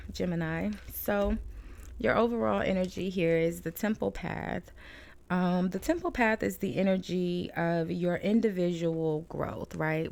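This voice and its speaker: A woman with a low, gravelly voice gives a casual tarot reading from home. She talks in a chatty, rambling way, laughing now and then as she works through the cards. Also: a little mellow. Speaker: tarot reader. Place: home room with balcony door shut.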